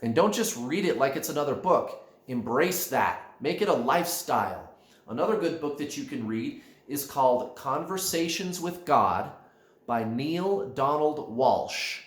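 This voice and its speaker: Animated man in an echoey room. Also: medium pitch, unhurried. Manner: animated, emphatic, addresses viewers as guys. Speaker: spiritual coach. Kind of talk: direct-to-camera coaching talk.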